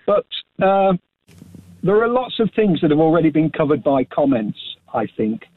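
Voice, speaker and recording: A man's voice: a little high, big pitch swings, moderate pace, no echo. A man calling in to a radio phone-in who hesitates with fillers but states his opinions firmly. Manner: hesitant with many ums, then firm opinions. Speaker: caller. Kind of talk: phone-in call. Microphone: telephone. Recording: tinny phone line.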